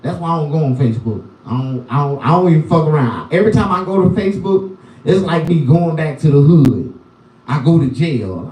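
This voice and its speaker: A man's voice: a little high, very animated, normal speed, darkish tone, recorded from a distance. A man doing loose, rambling stand-up on a live stream, with a profane and repetitive manner. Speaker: comedian. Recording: roomy sound, voice from the mic.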